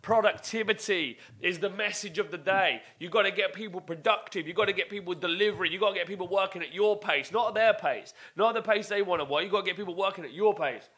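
A man hosting a podcast, delivering an intense motivational monologue full of swearing and repeated exhortations, swinging between loud outbursts and low, emphatic lines. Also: quick pace, few pauses, husky. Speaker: podcast host.

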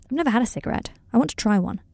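A woman voicing a gentle, anxious young man who speaks quietly and hesitantly, in a storybook reading. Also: fairly high pitch, expressive, very fast, creaky, dry recording, clean studio sound, pitched above the performer's own voice. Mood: wry.

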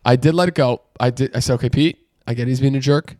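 A podcast co-host rants through a story in casual chat, swearing a lot and getting loud and high when he's worked up. He talks fast with a creaky voice, and the audio is clean studio sound with no room echo.

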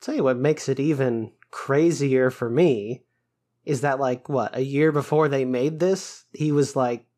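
A man on a podcast giving wry, measured takes on a movie. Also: mid-range voice, darkish tone. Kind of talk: casual movie review chat.

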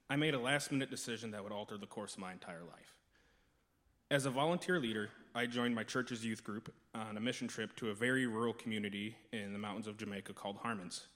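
A man's voice: fairly low pitch, fairly bright tone. A man in his thirties from Minnesota, sincerely reading his testimony aloud in church. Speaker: church member sharing testimony. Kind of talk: read testimony.

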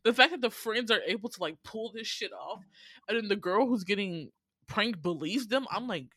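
Animated young woman telling stories casually. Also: fairly high pitch, brisk, dry recording, clean studio sound. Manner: animated storytelling, acts out quotes, swears freely. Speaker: podcast co-host. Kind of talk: casual chat.

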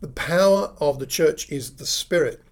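A man preaching a sermon, teaching from scripture with measured emphasis and many rhetorical questions. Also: on the high side. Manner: measured, slows to stress key phrases, rhetorical questions.

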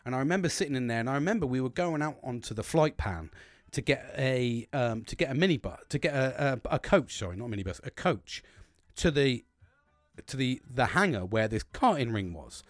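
A British man spins a rambling, profanity-laced story, his pitch leaping all over the place. He keeps breaking into laughter at his own tale. The voice sounds close and dry, with no room sound. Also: animated, brisk, no room sound. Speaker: host recounting his dreams. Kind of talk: casual storytelling monologue.

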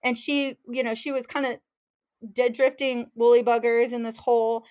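Woman guest, lively storyteller, slightly high voice, acts out the dialogue. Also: normal speed. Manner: animated, acts out quotes, laughs while telling. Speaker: fishing guide, podcast guest. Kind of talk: casual storytelling.

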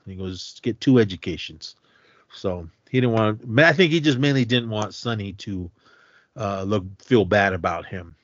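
A man's voice: lowish voice, no echo. A man co-hosting a podcast, casually retelling a film's plot and acting out the characters' lines in raised voices, chuckling as he goes. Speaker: podcast co-host. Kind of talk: casual chat retelling a film. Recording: dry, slightly dull lo-fi audio.

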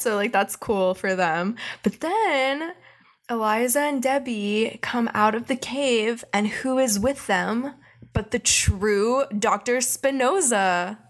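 A young woman co-hosting a podcast, recapping an episode in casual chat, animated and profane, laughing often. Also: medium pitch, takes it slowly. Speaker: podcast co-host.

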